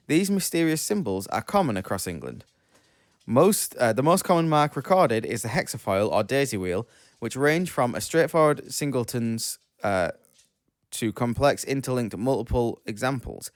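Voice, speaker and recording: A man's voice: medium pitch, dry recording. A man co-hosting a spooky news podcast, reading stories aloud in a dry, matter-of-fact way with small stumbles. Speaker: podcast co-host. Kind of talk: casual chat and news reading.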